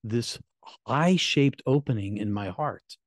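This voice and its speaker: A middle-aged man and minister recounting his near-death experience in an emotional, halting way, repeating words, his voice climbing high at painful moments. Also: lively intonation, dry recording, studio quality. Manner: halting, repeats words, voice rising high when reliving pain. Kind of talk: emotional personal storytelling.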